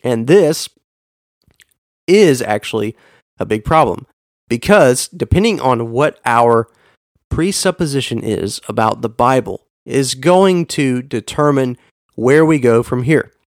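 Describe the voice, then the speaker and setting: A man's voice: mid-range voice, expressive, slow pace, no room sound, studio quality. A man hosting a podcast episode, teaching earnestly and leaning hard on key words for emphasis. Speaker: podcast host teaching on Bible reading. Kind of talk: scripted teaching monologue.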